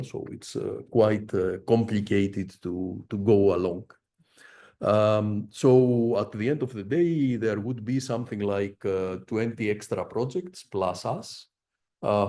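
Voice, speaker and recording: Middle-aged male professor presenting research, dark mellow voice, halting delivery full of "uh"s. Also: lowish voice. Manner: halting, frequent "uh" fillers. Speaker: visiting professor giving a research talk. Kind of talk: academic presentation.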